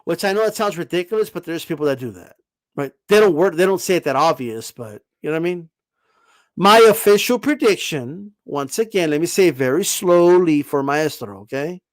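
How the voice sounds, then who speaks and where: A man with a high voice that swings widely in pitch holds forth as a boxing channel host. He talks emphatically, swears, and keeps checking in with "okay?". When he gets heated he stammers through quick restarts, and the sound is dry and close. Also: lively intonation, dry recording. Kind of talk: casual opinion monologue.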